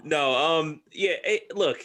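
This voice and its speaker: Guy on a podcast, bright tense voice, kinda hedgy and thoughtful. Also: on the high side, takes it slowly. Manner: thoughtful, hedging. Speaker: podcast co-host. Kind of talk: casual chat.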